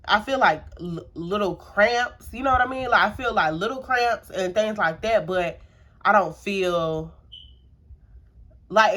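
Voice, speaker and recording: A woman's voice: medium pitch, fairly bright tone. A young adult woman casually telling a personal story to camera, chatty, repeating herself and using many filler words. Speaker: storytime vlogger.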